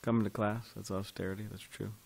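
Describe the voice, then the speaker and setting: A man's voice: fairly low pitch, little pitch movement, fast, gravelly, a little mellow, breathy edge. A man teaching a devotional scripture class in a temple, talking in a loose conversational way and putting questions to his listeners.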